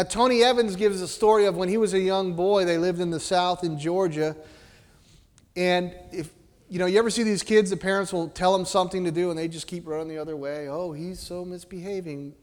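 A man preaching a sermon as pastor, animated, acting out little voices and dropping to a soft hush to make his points. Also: a little high. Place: church sanctuary. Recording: long reverb of a church hall.

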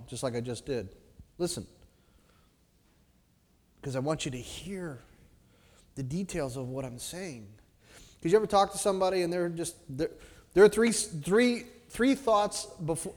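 A man preaching a sermon as pastor, animated, acting out little voices and dropping to a soft hush to make his points. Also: high-pitched. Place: church sanctuary. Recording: long reverb of a church hall.

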